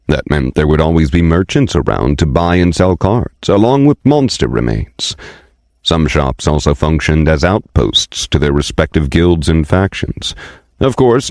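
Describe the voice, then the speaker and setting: Deep-voiced male audiobook narrator. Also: no echo, clean studio sound. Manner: steady, measured storytelling.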